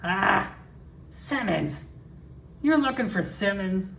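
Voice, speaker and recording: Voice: medium pitch, animated, slow pace, gravelly, a bit bright, reverberant, slight background noise, pitched above the performer's own voice, heavily acted. Someone putting on a sarcastic townswoman. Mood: suspicious. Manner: dismissive, sarcastic drawl. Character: suspicious, sharp-tongued townswoman.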